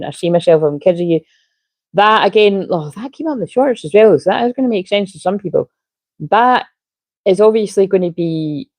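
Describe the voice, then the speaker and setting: A woman's voice: deep voice, mellow, no room sound. A woman giving a casual, rambling tarot reading, drifting off topic and swearing now and then. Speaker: tarot reader.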